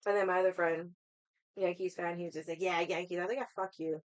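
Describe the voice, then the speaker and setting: A woman's voice: fairly low pitch, steady tone, fast, low-quality recording. A woman hosting a casual stream, chatting with her viewers in a rambling way and swearing freely. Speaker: livestream host chatting with viewers. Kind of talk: casual chat.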